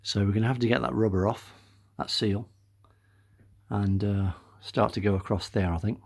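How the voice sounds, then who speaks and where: A man's voice: fairly low pitch, normal speed, a little mellow. Chatty older man, workshop vlog. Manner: chatty, many uh fillers, addresses viewers as guys. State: out of breath. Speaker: car restoration vlogger.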